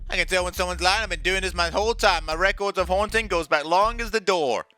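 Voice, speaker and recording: A man's voice: high-pitched, fast, pushed and bright, soft background music, low-quality recording. A man voicing a boastful, centuries-old male ghost who brags about his hauntings in a folksy drawl. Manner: swaggering, folksy old-timer bragging. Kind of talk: reading game dialogue aloud.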